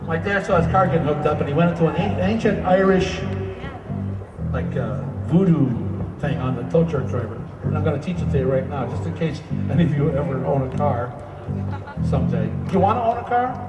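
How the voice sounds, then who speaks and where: A man's voice: on the high side, expressive, a little fast, muffled recording. A man performing live musical comedy, jokingly coaxing the audience to sing along. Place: campus performance room with audience. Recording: echoey live room, mic from a distance, music and crowd.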